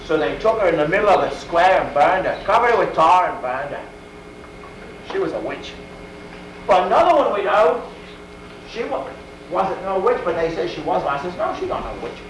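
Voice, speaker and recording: A man with a rather high voice plays a medieval villager, spinning rambling tales in old-timey rustic grammar and turning to quiz his listeners. The sound is an old camcorder recording that echoes and comes from some way off, with a faint hiss underneath. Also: big pitch swings, moderate pace, distant mic. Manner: talks straight to listeners and asks them questions. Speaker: costumed medieval storyteller. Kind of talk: first-person historical role-play for an audience. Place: school event crowd area.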